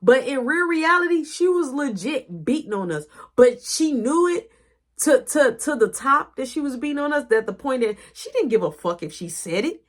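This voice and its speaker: A woman casually telling a personal story in a lively, profane, animated way. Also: high voice, normal speed.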